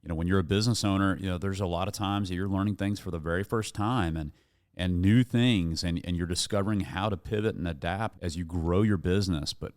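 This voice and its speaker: A man's voice: low voice, fairly quick, dry recording. A man hosting an interview in a small radio studio, earnest and reflective, drawing lessons for listeners. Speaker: host.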